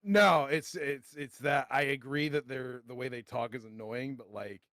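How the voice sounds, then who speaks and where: A man's voice: mid-range voice, normal speed, no room sound, studio quality. A man co-hosting a podcast, telling rambling stories with lots of swearing. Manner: swearing, rambling, animated storytelling. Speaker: podcast co-host. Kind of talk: casual comedic chat.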